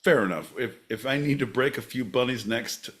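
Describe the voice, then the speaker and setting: A man co-hosting a podcast, bantering sarcastically and crudely, with sudden loud outbursts. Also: mid-range voice, fairly quick. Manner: sarcastic, profane, bursts into loud shouting. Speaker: podcast co-host.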